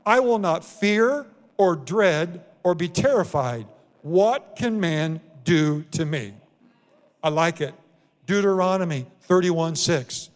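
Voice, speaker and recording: Man preaching, high voice, lots of hall echo, leans hard on repeated lines. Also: lively intonation. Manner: emphatic, repeats scripture lines slowly for effect. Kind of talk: sermon. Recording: long hall reverb.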